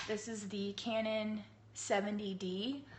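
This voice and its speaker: Husky-voiced woman hosting a live stream. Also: little pitch movement, slow pace. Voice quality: husky, low. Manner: chatty, laughing, greets viewers by name. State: hoarse from a cold. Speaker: cake artist hosting a livestream. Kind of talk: casual live-stream chat. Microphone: phone livestream.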